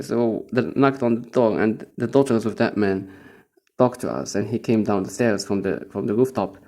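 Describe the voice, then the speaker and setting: A young man from Morocco rambles through a casual spoken-diary monologue about his days as a teacher. His voice is gravelly and dark, and he swears freely and chuckles as he talks. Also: medium pitch. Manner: rambling, profane, chuckling storyteller.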